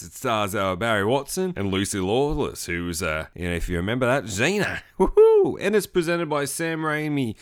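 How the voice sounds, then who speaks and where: A man's voice: lowish voice, fairly bright tone, clean tone. Sweary guy hosting a podcast. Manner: profane, sarcastic, rambling. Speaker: podcast host. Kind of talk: casual solo movie commentary.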